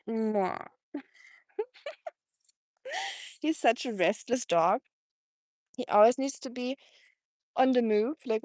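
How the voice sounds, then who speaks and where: A woman's voice: on the high side, darkish tone, dry recording, studio quality. A woman from Germany with a German accent, chatting casually on a live stream during an outdoor walk, laughing often and cooing at her dog. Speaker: livestreaming vlogger. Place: outdoors by water on a sunny walk.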